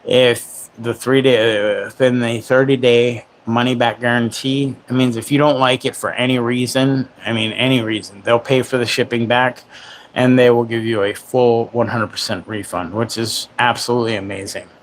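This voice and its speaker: A man's voice: medium pitch, fairly even intonation, normal speed, a little hiss or hum. Sarcastic man in his forties. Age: 40s. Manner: joking, sarcastic, laughs often. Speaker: livestream host. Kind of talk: casual livestream chat. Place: home, in Florida.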